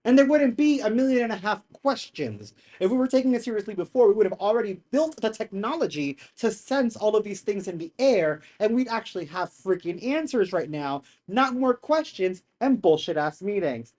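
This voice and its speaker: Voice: medium pitch, normal speed, few pauses. Exasperated, slangy live streamer. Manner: animated and exasperated, slangy, swears often; rambling, restarts sentences. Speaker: streamer reacting to a hearing. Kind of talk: casual live-stream commentary.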